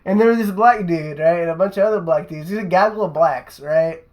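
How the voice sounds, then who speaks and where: Young man, high voice, rambling profane storyteller, casual podcast chat, keeps asking "right?". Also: fairly quick, muffled recording, a little hiss or hum. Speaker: podcast host.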